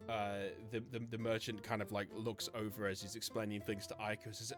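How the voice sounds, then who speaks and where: A man's voice: fairly low pitch, little pitch movement, a little fast, hardly any pauses, music in the background. Man narrating as game master. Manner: rambling, many fillers.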